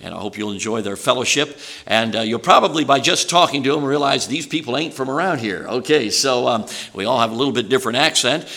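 Chicago guy preaching, bright sharp voice, chatty and folksy, lots of uh and okay. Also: medium pitch, fast, creaky. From Chicago, USA. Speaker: traveling preacher. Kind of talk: sermon introduction to a congregation.

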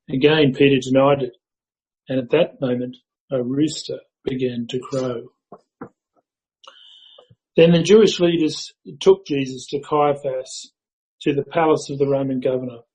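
Man reading scripture aloud, fairly high. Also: a little mellow, rough recording. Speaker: scripture reader. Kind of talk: Bible reading.

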